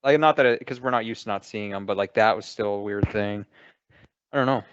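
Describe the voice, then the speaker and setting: Chill guy guesting on a sports podcast, smooth voice, dry muffled audio. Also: fairly low pitch, a little fast, no echo. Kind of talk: casual sports chat.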